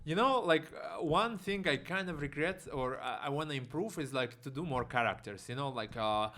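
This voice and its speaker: A man's voice: on the high side, expressive, moderate pace, bright, forceful tone. A man from Siberia with a Russian accent, a guest comedian chatting casually on a podcast, hesitant and full of fillers. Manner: hesitant, many fillers and restarts.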